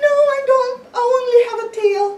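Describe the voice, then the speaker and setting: A woman voicing a terrified, hungry little female field mouse, pleading in a squeaky, panicky way. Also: steady tone, quick pace, darkish tone. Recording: echoey room from far off.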